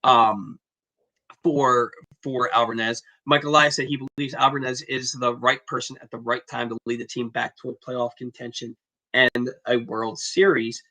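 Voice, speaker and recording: A man co-hosting a sports podcast with a bright, forceful voice. His pitch sits in the middle of the usual male range. He talks animatedly and chimes in quickly. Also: flat delivery, poor audio. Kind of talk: casual sports talk.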